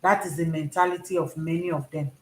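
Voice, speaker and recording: A woman's voice: low voice, steady tone, quick pace, darkish tone. Nigerian lady ranting on a vlog, repeats herself, keeps saying you understand, echoey room. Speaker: commentary vlogger. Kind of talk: casual commentary. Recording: roomy echo.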